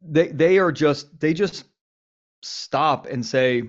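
A man's voice: fairly high pitch, slow pace. A man hosting a casual conversation, talking candidly and animatedly, with some swearing. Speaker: podcast host. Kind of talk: casual conversation on men's lives. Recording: slightly dull lo-fi audio.

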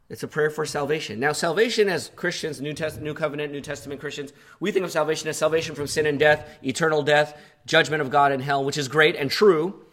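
A man's voice: on the high side, steady tone, quick pace, fairly bright tone. A male pastor preaching an earnest sermon, growing impassioned as he voices the psalmist's pleas.

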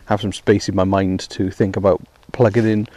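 Walking through heavy rain with a hands-free phone headset, a Welsh man hosts his podcast, rambling in a self-deprecating way with lots of ums. His fairly low, dark voice moves little in pitch at a normal speed, and the recording is dry.

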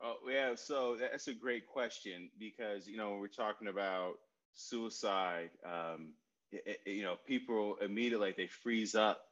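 A man in his forties answers at length in a casual conversation, drifting into personal stories and repeating his key phrases. He fills pauses with "um" and "you know". The recording sounds slightly muffled and lo-fi. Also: on the low side, a bit bright. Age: 40s. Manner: storytelling, repeats phrases, many fillers. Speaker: guest speaker on mental health.

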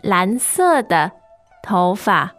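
A woman co-hosting a language lesson, saying each word slowly and twice for learners. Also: medium pitch, very animated, fairly bright tone, soft background music. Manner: models words slowly, repeating each twice. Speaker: Chinese language co-host. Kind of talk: casual teaching chat.

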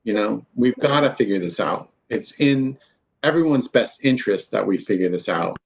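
A man's voice: lowish voice, expressive, normal speed, creaky. A man, a university professor, talking candidly and with self-deprecating humor in an interview. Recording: dull lo-fi sound.

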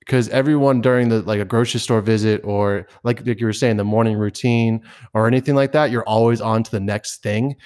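A man with a somewhat low voice, talking in a relaxed, rambling way. He muses aloud as a podcast host and calls his friend dude. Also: fairly quick. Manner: reflective, rambling, says dude a lot. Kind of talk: casual chat.

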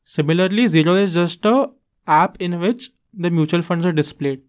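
A man's voice: high-pitched, moderate pace. A man with an Indian English accent, casually explaining investing on a podcast and slipping Hindi phrases into his English. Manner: earnest, explains with examples, mixes in Hindi phrases.

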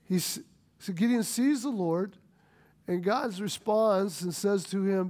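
A man's voice: high voice, a little slow, dark tone. A middle-aged man from the United States preaching a sermon, retelling a story and acting out its dialogue, with frequent restarts. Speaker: pastor.

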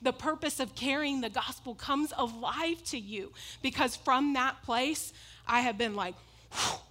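Emphatic woman preaching a lively sermon. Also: sits high, a little slow. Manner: emphatic and repetitive, with frequent laughs.

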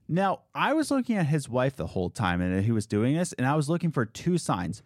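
A man telling a story about a customer in a casual chat, animated and sarcastic, acting out what people said. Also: a little high, normal speed, no room sound, clean studio sound. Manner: animated, sarcastic, quotes people in put-on voices. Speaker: restaurant worker telling a story.

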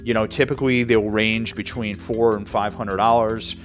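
A man's voice: fairly low pitch, flat delivery, moderate pace, faint music behind. Chatty male mortgage podcast host. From New York. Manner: conversational, many fillers and asides. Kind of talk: casual educational talk.

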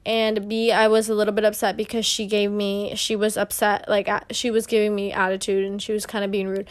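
Speaking a little fast with a flat delivery at medium pitch, a young solo podcaster chats her way through a story. She leans heavily on fillers and performs the quoted back-and-forth.

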